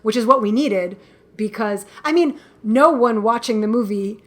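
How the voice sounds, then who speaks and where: A woman guest filmmaker talking in a casual interview, animated and quick to laugh, acting out what people said. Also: fairly high pitch. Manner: animated storyteller, laughs often, acts out quotes.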